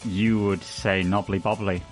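A man's voice: low voice, flat delivery, a little slow, faint music behind. A young man co-hosting a student radio show, answering quiz questions in a wry, laid-back way and laughing along. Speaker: radio co-host. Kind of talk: casual radio chat. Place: radio studio.

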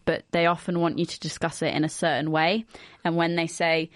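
A woman's voice: fairly low pitch, flat delivery, brisk, no echo. A young woman co-hosting a student radio show, explaining her studies in a chatty way and laughing easily. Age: young adult. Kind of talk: casual radio chat. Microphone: studio microphone.

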